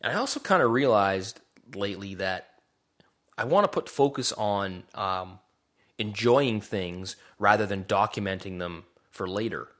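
Low-voiced man chatting loosely on a podcast. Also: animated, unhurried, fairly bright tone. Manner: rambling, self-deprecating, trails off and restarts. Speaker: podcast co-host. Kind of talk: casual chat. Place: Vancouver area.

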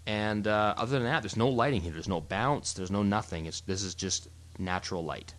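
A man with a somewhat low voice talks through his photo shoots in casual podcast chat. He explains in an animated, rambling way, often restarting sentences. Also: a little fast.

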